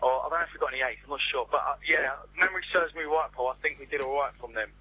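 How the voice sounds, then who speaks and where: A man's voice: mid-range voice, very fast, bright, forceful tone, breathy edge. A male singer calling in to a radio show, chatty and stumbling, repeating himself as he talks, heard over a phone line. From England. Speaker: pop singer, phone guest. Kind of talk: casual phone interview.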